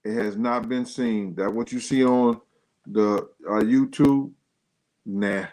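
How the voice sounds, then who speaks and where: A man's voice: fairly even intonation, slow, a little mellow, poor audio. Slangy man hosting a casual livestream. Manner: loose, slangy, talks straight to the audience; pitch jumps up sharply when worked up. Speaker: livestream host. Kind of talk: casual livestream chat to viewers.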